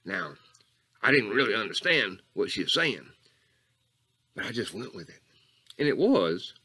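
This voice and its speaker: An eccentric, rambling coach character, played by a man in a comedy monologue. His pitch swings wildly from squeaky highs to low mutters as he wanders off topic. The tone stays bright and pushed throughout. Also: big pitch swings, unhurried, husky, heavily acted.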